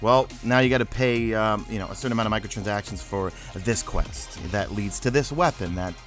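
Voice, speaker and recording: A man's voice: fairly low pitch, a little fast, soft background music. A man co-hosting a casual gaming discussion, thinking aloud with lots of fillers and restarts. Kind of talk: casual chat.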